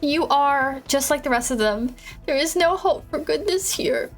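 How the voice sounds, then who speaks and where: A woman's voice: high voice, animated, measured pace, faint music behind. A woman reading out the lines of a bitter, heartbroken young loner in a dating game, brooding and resentful. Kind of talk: reading game dialogue aloud.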